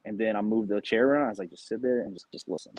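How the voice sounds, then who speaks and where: A man in casual podcast chat, talking fast and loose and swearing casually. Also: fairly low pitch, darkish tone, no echo, low-quality recording. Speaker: podcast co-host, Marine recruiter.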